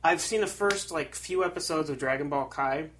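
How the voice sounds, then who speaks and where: Chatty podcast host with fridge hum. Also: male voice, a little high, normal speed, fairly bright tone. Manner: chatty, trails off and restarts, laughs easily. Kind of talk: casual chat. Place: small home recording setup. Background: faint refrigerator hum.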